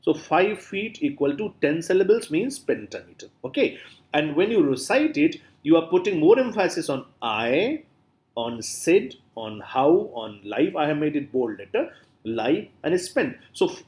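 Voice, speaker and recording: A middle-aged man with an Indian English accent gives a recorded lecture. His pitch moves up and down freely as he explains patiently. He stops often on "uh" and starts his phrases over. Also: very animated, moderate pace, darkish tone. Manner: explains patiently with many fillers and restarts. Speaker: literature lecturer.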